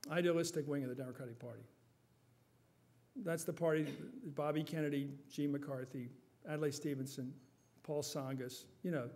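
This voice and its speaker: A man answering audience questions at a forum, emphatic and animated, quick to joke. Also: on the high side. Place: university forum hall.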